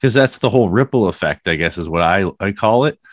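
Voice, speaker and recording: A podcast host with a low, expressive voice talks fast in casual conversation, rambling and using plenty of fillers. The recording is dry with a clean studio sound.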